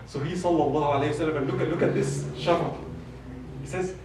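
A man giving a sermon, telling a story with lively acted quotes. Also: on the high side. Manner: animated storyteller, voices quoted speech, laughs. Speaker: khutbah speaker. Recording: echoey hall from far off.

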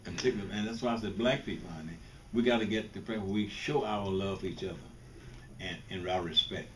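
A fairly low, fairly bright voice moves at a fast clip. The older Mississippi man is a guest speaker talking to students in a blunt, informal way, often repeating and restarting, and the recording is distant with faint noise.

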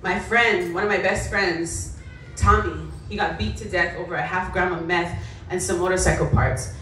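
A woman's voice: on the low side, fairly even intonation, normal speed, pushed and bright, distant mic, a little hiss or hum. Blunt woman speaking in an echoey hall. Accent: Hawaiian. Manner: blunt, raw storytelling. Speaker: motivational speaker. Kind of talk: school assembly talk. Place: school gym or hall.

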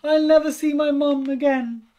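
A man voicing a young girl spider in a storybook reading, speaking in a bright, eager way. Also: high voice, big pitch swings, measured pace, exaggerated voice. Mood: distraught.

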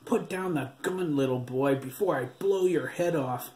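A man's voice: on the high side, a little slow, darkish tone, pitched above the performer's own voice, natural voice. A man voicing a hot-tempered tough police detective who snaps and barks orders, in an audiobook reading. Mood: shouting. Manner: barking, snapping orders. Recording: roomy echo, faint background hiss.

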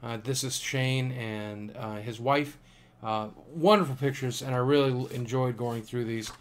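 A tired man talks through his fan mail in a casual, thankful way, and he sounds like he is coming down with a cold. His voice sits at an ordinary middle pitch, and he fills his pauses with an easy "uh" and "um". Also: fairly even intonation, a little hiss or hum. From United States. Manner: warm, thankful, chatty with filler pauses. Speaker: YouTuber reading fan mail. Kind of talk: casual vlog chat.

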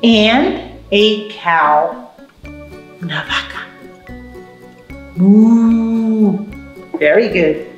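Woman, children's librarian; very slow, lively sing-song storytime delivery, roomy echo. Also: on the high side, lo-fi sound, soft background music. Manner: slow, sing-song and encouraging, switching between English and Spanish words. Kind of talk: baby storytime with songs and rhymes.

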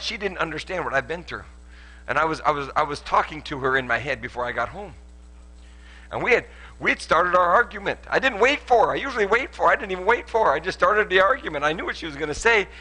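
A man preaching a sermon at a church service, animated and joking as he tells stories. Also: high-pitched, quick pace. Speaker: pastor.

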